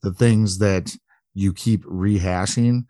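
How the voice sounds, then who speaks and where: A man's voice: low-pitched, steady tone, slow, warm tone, dry recording, studio quality. Supportive, laid-back male podcast co-host. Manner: supportive, joking, swears casually. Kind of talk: casual interview chat.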